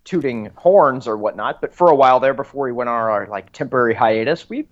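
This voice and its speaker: A man co-hosting a podcast, chatting in a relaxed, wry, self-deprecating way. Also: medium pitch, brisk. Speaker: podcast co-host. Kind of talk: casual chat. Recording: dull lo-fi sound.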